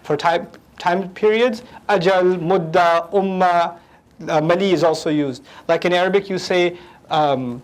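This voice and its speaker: A man teaching a lecture on the language of the Quran, animated and humorous, acting out quotes. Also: high-pitched, a little slow, poor audio.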